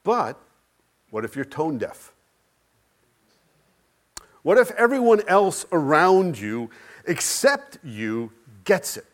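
A man delivering a sermon in a somewhat high voice. He speaks with emphasis, slowing for dramatic pauses and swinging between loud lines and soft ones. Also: big pitch swings. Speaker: pastor. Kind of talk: Easter sermon.

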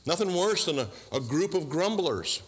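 A man's voice: fairly high pitch, animated, normal speed, husky, long reverb tail. A man preaching a sermon, asking the congregation questions and adding dry asides. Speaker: pastor.

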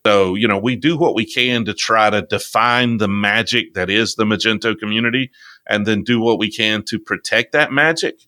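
A middle-aged man with a slow Southern drawl, hosting a relaxed, folksy chat. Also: on the low side, no echo. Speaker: podcast host. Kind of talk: casual conversation.

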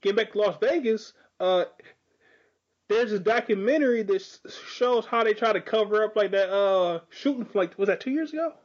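A man with a high-set voice, rambling through a casual chat in profane slang full of fillers. The sound is a bit muffled and dull. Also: normal speed.

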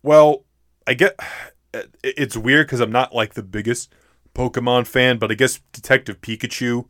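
A man's voice: medium pitch, steady tone, normal speed, a bit bright, no room sound, clean studio sound. Rambling laid-back podcast host man. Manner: rambling, self-interrupting, laughs often. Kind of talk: casual chat.

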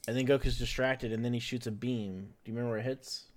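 A man's voice: medium pitch, fairly even intonation, fast talker. A man hosting a casual podcast, recapping an episode in a chatty way, laughing often and filling gaps with "like" and "uh".

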